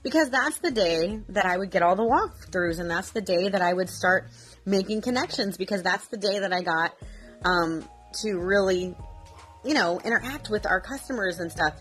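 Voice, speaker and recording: Casual woman vlogger at home, chatty with fillers, emotional and close to tears, soft music behind. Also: medium pitch, moderate pace, rough recording. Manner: emotional, close to tears while reading aloud; chatty, frequent fillers and restarts. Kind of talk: casual devotional vlog. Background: vacuum running in another room.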